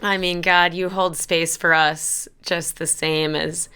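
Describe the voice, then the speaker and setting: Low, slow woman with a crisp bright voice. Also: level tone. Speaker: podcast co-host. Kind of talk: casual podcast chat.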